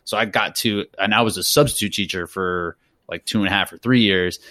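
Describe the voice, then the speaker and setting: A man's voice: low-pitched, fairly quick, pushed and bright, no room sound, clean studio sound. A man hosting a running podcast, talking in a loose, chatty way and laughing easily. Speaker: podcast host. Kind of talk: casual podcast chat.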